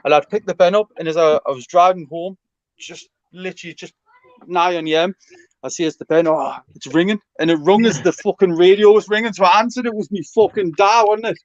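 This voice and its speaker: A man telling a story in a casual, sweary chat. His voice sits high for a man. The recording is dry and a little dull. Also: fairly even intonation, a little fast, dry recording.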